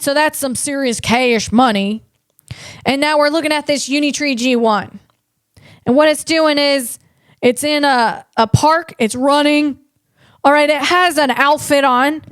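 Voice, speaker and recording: A woman comedian hosting a podcast, giving loud, animated, playful tech commentary. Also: high voice, no echo, studio quality.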